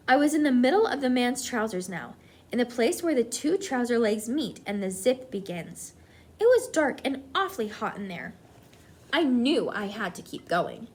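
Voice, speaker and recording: A woman teacher reading a children's book aloud to her class, with expressive, animated delivery. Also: on the high side, moderate pace, slight background noise.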